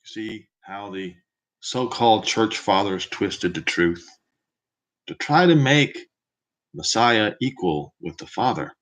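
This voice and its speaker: Guy preaching on a bible passage, slow and drawn out, voice swoops up and down a lot. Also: lowish voice, lively intonation, fairly bright tone. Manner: slow, emphatic, asks the listener rhetorical questions. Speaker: Bible teacher.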